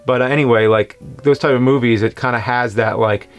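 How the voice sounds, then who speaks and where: A man's voice: mid-range voice, steady tone, smooth, soft background music. Laid-back man hosting a movie review. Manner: unhurried, hesitant, many fillers. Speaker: show host, film reviewer. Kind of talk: casual film review chat.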